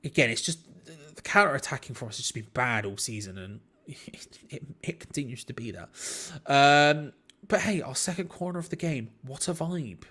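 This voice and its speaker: Young male host, chatty rambling match watch-along commentary, mid-pitched. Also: moderate pace, bright, forceful tone. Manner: chatty, rambling, self-deprecating. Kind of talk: casual live match commentary.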